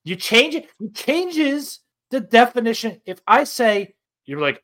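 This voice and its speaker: A man's voice: very high voice, huge pitch swings, unhurried, few pauses, a bit bright. A young man with a New York-area accent, co-hosting a podcast in casual, joking, profane banter. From New Jersey or New York area. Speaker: podcast co-host.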